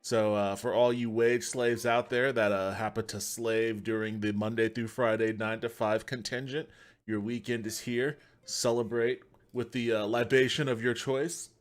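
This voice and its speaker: A man's voice: medium pitch, level tone, moderate pace. A man from Texas hosting his podcast livestream, rambling casually and a bit profanely into a USB desk mic at home. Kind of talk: casual solo livestream chat. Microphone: USB desk mic on a stand.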